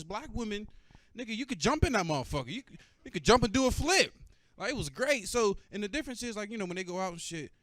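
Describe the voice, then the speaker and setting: Young male stand-up comic, fairly high voice, profane, teasing the crowd, dry and close. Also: no echo. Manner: animated, profane, bantering with the crowd. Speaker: stand-up comedian. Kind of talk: stand-up comedy.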